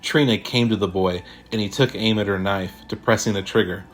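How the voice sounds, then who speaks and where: A man reads a sci-fi horror story aloud in a measured, steady delivery. His voice sits low, and soft music plays faintly underneath. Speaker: narrator. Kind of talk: scripted horror story narration.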